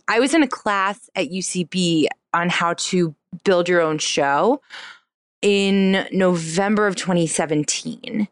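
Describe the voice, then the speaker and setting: A woman's voice: expressive, normal speed, no room sound. A woman in her thirties, a comedian and cabaret performer, talking casually as an interview guest, full of "like" and acted-out quotes. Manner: chatty, many "like" fillers, acts out quotes in a higher voice.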